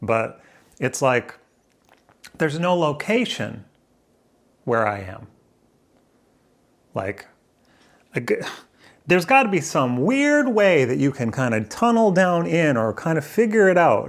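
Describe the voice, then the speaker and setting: In an unhurried, higher-leaning voice with big pitch swings and long pauses, a man vlogs by a window indoors. Facing the camera, he thinks aloud in a meandering monologue, often questioning himself.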